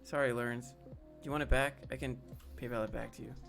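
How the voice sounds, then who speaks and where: A man's voice: medium pitch, fairly even intonation, a little fast, gravelly, over music. A man hosting a live stream, chatting casually with viewers and joking around. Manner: casual, joking, talks to chat by name. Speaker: host.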